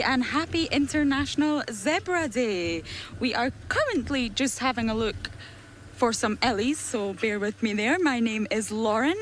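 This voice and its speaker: A woman's voice: on the high side, a bit bright, a little hiss or hum, low-quality recording. A woman safari guide giving chatty, self-deprecating live commentary from an open vehicle outdoors. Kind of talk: live commentary from a game drive.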